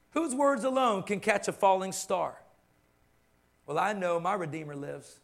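Impassioned high-voiced male preacher. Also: vocal fry. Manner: impassioned, repeats phrases for emphasis. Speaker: pastor. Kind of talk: sermon.

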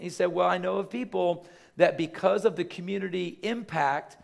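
A man, the pastor, preaching in a church with quick, conversational delivery. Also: high-pitched, fairly even intonation, gravelly. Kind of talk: sermon. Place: church sanctuary.

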